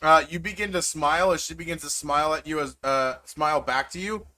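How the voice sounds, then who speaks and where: A man narrating a tabletop game as game master. His voice is a bit high and bright, and he rambles with many fillers and restarts. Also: fairly quick.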